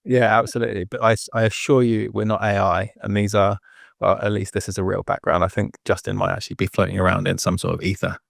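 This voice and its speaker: An upbeat English man hosting an interview podcast on a video call. His voice sits low with a gravelly edge. The sound is dry and close. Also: flat delivery, fast, no room sound. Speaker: podcast host.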